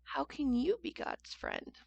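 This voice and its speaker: A woman reading a children's picture book aloud at church, gentle and expressive, pausing to ask the listening children questions. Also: high voice, gravelly, highs cut off. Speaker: church storyteller.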